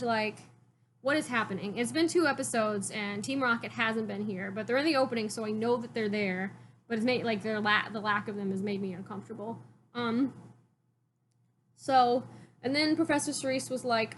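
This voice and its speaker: A woman's voice: fairly high pitch, normal speed. A woman chats casually to camera, rambling and filling her sentences with "like." Her voice sits a little above average. A faint noise floor sits under her talk. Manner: rambling, heavy use of "like". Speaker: vlogger. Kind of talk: casual chat recapping a cartoon.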